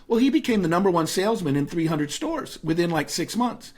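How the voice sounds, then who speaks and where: A middle-aged man as an interview guest, telling a personal story in a lively, storytelling way. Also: high-pitched, quick pace, few pauses. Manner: animated storyteller who acts out voices in his anecdotes.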